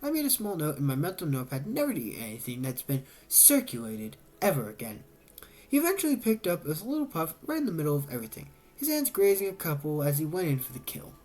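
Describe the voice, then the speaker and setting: A woman reading a novel aloud as a narrator, telling the story with lively shifts and voiced dialogue. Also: low voice, quick pace. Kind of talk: audiobook-style reading.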